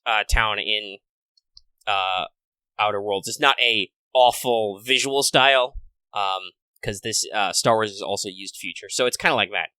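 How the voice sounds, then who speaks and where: A man's voice: on the low side, a little slow, sharp tone, clear, resonant tone, no room sound, poor audio. A man narrating a tabletop game as game master, rambling with many fillers and restarts.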